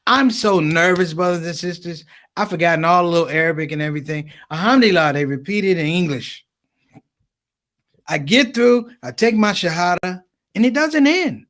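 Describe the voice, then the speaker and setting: Animated, high-voiced male comic storyteller. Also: a little fast. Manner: animated, punchy, repeats words for effect. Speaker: speaker.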